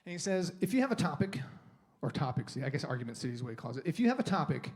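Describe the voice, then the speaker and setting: Man, guest speaker at a church service, slightly high voice, casual rambling delivery. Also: very animated, rapid-fire. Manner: conversational, rambling with restarts and acted inner monologue. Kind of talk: sermon talk. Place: church sanctuary.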